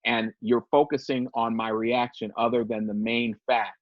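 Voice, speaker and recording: A man, a podcast guest, giving an earnest and measured personal account in casual talk. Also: mid-range voice, level tone, no room sound. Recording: dull dry lo-fi sound.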